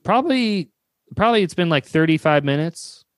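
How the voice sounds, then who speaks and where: A young man casually telling a story, animated, often laughing and acting out what was said to him. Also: a little high, normal speed, dry recording, studio quality. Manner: animated, laughing, acts out quoted dialogue. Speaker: storyteller telling about his vaccine visit. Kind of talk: casual chat.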